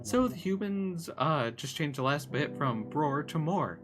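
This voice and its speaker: A man's voice: fairly high pitch, animated, measured pace. A man voicing a prim, talkative female cat in a visual novel, lilting and chatty, over game music. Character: prim talkative female cat who loves crunchy bits. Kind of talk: voice-acting a visual novel on stream. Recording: music playing behind.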